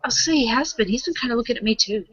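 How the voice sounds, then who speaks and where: Woman, tabletop player, lively, bright voice, lo-fi recording. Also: fairly high pitch, racing, husky. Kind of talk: casual game chat. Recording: dull lo-fi recording.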